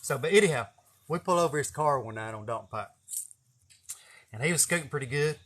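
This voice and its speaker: A man's voice: medium pitch, lively intonation, brisk, a bit bright. A man, telling a funny story in a casual, profane, folksy way.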